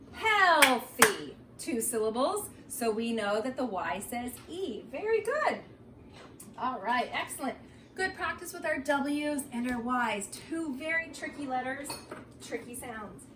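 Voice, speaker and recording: A woman teacher giving a slow, sing-song, encouraging phonics lesson and read-aloud for young children. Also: high-pitched, a bit bright, distant mic. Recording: roomy echo, voice a little off-mic, faint background noise.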